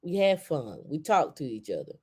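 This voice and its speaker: A woman host in casual chat, telling stories in an animated way and acting out quotes. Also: low-pitched, moderate pace, husky. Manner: animated storytelling with acted-out quotes.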